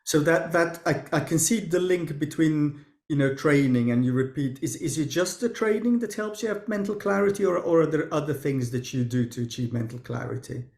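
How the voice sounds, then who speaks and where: A man's voice: a little high, fairly quick, vocal fry, few pauses, darkish tone. Man, interviewer, consultant doctor, thoughtful questions, roomy echo. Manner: thoughtful, brief backchannels. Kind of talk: conversational interview.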